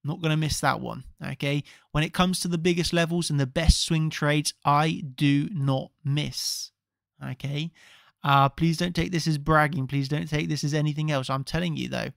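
A man with a somewhat high, gravelly voice talks viewers through chart analysis. His delivery is emphatic and confident, and he drives points home by repeating words. The sound is close and dry. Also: steady tone, normal speed, a bit bright, dry recording. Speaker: crypto trading analyst host.

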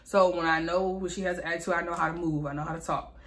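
Lower-pitched young woman venting casually. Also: fairly even intonation, fast, a bit bright. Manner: candid, venting, frequent fillers and profanity. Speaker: vlogger. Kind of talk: casual storytime vlog.

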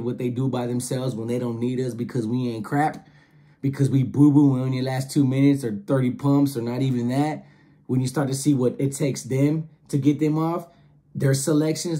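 A man spinning a casual story in heavy slang, jumping between his own voice and quick put-on voices for others. His voice sits at an everyday pitch with a dark, mellow tone. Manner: slangy, animated, acts out quoted voices. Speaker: storyteller host.

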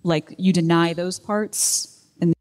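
A woman's voice: fairly low pitch, steady tone, slow pace, a little mellow. A woman in the audience asking a question at a live event, thinking aloud and rambling with many likes. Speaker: audience member. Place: event hall. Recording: long hall reverb at a live event.

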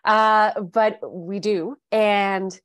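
A woman's voice: medium pitch, fairly even intonation, very slow, no echo. A woman with a Canadian accent hosting an interview, chatty and digressive, often breaking off mid-sentence to restart her point. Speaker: interview host. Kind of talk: casual interview chat.

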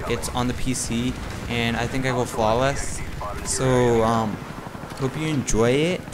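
A man's voice: medium pitch, steady tone, measured pace, background noise. A man ranting in a rambling, indignant way over gameplay footage, peppering his talk with "like". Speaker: gaming channel host.

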